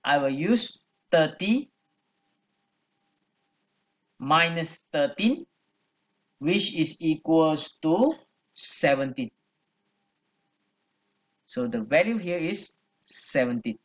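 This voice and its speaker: Guy teaching math, slow and patient, a bit high voice, repeats the numbers. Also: big pitch swings. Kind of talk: classroom lesson, working through an exercise.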